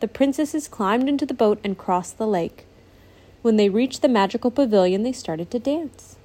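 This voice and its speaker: A woman's voice: on the high side, expressive, moderate pace, mellow. A woman reading a storybook aloud to her child, patiently stopping to answer questions.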